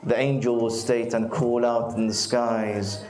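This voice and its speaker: A man preaching a sermon in a roomy, echoing hall, his pitch sitting in an ordinary middle range. He tells a parable and lifts his voice high when he speaks for its characters. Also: little pitch movement, unhurried, a little mellow, a little hiss or hum. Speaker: Muharram night speaker. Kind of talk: sermon with storytelling. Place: mosque or community hall.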